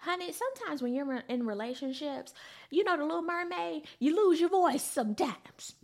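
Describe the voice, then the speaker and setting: A woman's voice: high voice, moderate pace. A woman recapping a reality show in casual, sassy podcast chatter, calling listeners honey and child.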